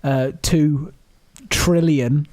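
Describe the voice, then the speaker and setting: A man's voice: on the high side, fairly even intonation, darkish tone, no echo. A young man with a joking manner, chatting casually as co-host of a podcast. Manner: joking, quick banter. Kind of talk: casual chat.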